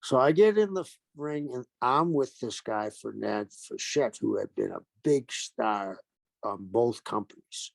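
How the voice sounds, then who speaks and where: An older man, a retired pro wrestler, telling animated stories in an interview and acting out the quotes. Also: medium pitch, a little slow, creaky, no echo. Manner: animated anecdotes with acted-out quotes. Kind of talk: storytelling interview.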